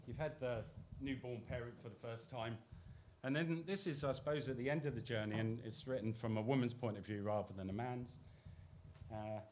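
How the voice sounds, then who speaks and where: A man reading his own poems on a podcast, soft and reflective, with halting restarts between pieces. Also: mid-range voice, slight background noise. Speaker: poet guest on a podcast.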